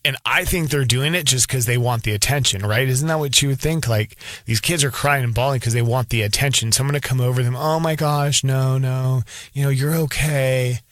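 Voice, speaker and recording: A man's voice: medium pitch, quick pace, few pauses, a bit bright, dry recording. A man in his thirties, an elementary school teacher, giving his candid and rambling opinion in a casual monologue, often restarting his sentences.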